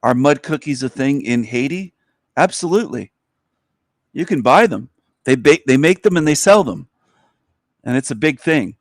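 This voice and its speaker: A man's voice: medium pitch, lively intonation, moderate pace, pauses often, no room sound, clean studio sound. A man hosting a livestream in casual commentary, often talking in a sarcastic, mock-sincere way. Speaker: livestream host.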